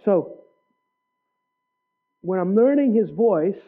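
A male preacher giving an earnest personal testimony in a sermon, with sudden loud bursts. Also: high voice, expressive, slow pace. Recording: tinny phone-like sound.

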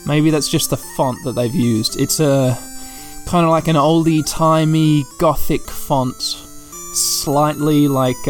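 A man narrating a video game as he plays, describing what is on the screen and thinking out loud. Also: medium pitch. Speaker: gameplay commentator. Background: faint game music.

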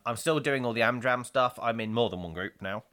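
A man in his thirties chatting casually as a podcast co-host, animated and quick to laugh as he tells stories. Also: medium pitch. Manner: animated, laughs often, storytelling. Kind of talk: casual chat.

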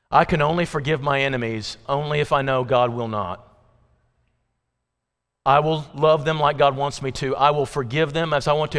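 A male preacher delivering an impassioned sermon, swinging from pleading questions to slow, low emphasis. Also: fairly bright tone. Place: church sanctuary. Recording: long reverb of a church hall.

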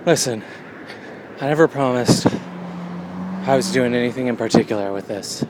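A male comedian talking in a wry, meandering deadpan right after a run, a little winded, outdoors by a road. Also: medium pitch, moderate pace, slight background noise. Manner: wry, meandering, jokey asides. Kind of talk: rambling deadpan monologue.

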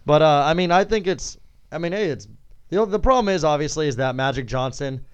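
A man chatting casually as a sports podcast co-host, rambling with lots of fillers and quick laughs. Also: on the high side, clean tone, highs cut off.

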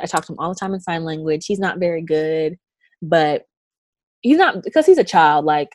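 A young woman with a somewhat low voice talks casually, bringing her stories to life by acting out other people's lines with big leaps in pitch. The sound is dry and close, with no room around her. She speaks like someone being interviewed in a relaxed conversation. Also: normal speed, dry recording. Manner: animated storyteller who acts out quotes with big pitch jumps.

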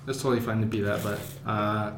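A man's voice: on the low side, little pitch movement, fairly quick, fairly bright tone, echoey room, slight background noise. A man hosting a casual podcast, teasing his guest with crude jokes. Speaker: podcast host.

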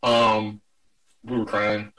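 A man's voice: lowish voice, takes it slowly, distant mic, poor audio. A man co-hosting a casual sports chat, ranting and swearing with lots of energy. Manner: profane, ranting, animated. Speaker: podcast co-host.

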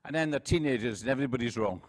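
A Scottish man in his sixties preaching to his congregation in a chatty, self-deprecating way, with plenty of laughs and restarts. His pitch sits right in the middle for a man. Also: expressive, very fast. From Scotland. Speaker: pastor. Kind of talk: sermon with humorous anecdotes.

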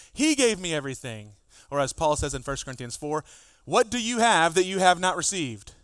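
A man, a pastor, preaching a sermon, animated and acting out exchanges with his children. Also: high-pitched, clear, resonant tone, dry recording, studio quality. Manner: animated, acts out dialogue with his kids.

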